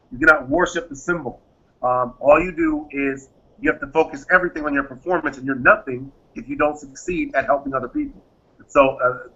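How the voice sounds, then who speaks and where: A man with a gravelly, slightly husky voice that swings widely up and down as he explains his methods and acts out quoted exchanges. His tone is bright and forceful. The audio is dull and lo-fi. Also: a little high. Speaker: guest, private security firm founder. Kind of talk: interview answers, explaining.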